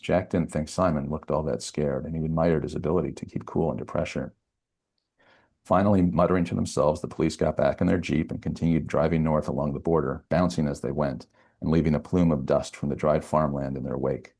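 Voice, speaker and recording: Reading his own thriller aloud, a male novelist keeps a steady, measured delivery. His voice is extremely low, with a gravelly creak and a husky, rough edge.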